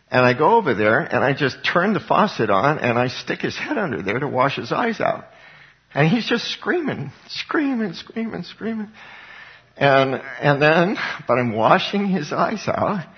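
A middle-aged man preaching a sermon, telling a personal story with lively swings up into high exclaimed passages. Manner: animated storytelling, voice jumping high for acted quotes. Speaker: pastor. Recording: dull lo-fi recording.

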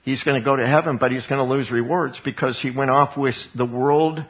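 A man's voice: medium pitch, fairly even intonation, brisk. A man preaching in an earnest, chatty Bible-teaching style, often restarting his sentences. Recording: dull lo-fi sound.

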